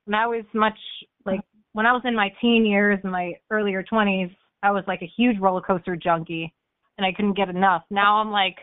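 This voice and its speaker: A young woman chats as a podcast guest, telling her stories with lots of fillers and laughter. Her voice sits at a middle pitch for a woman. The sound is thin and tinny, like a phone call. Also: brisk, clean tone, dry recording. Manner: animated storyteller who laughs often, with fillers like "like" and "um". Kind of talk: casual storytelling on a podcast.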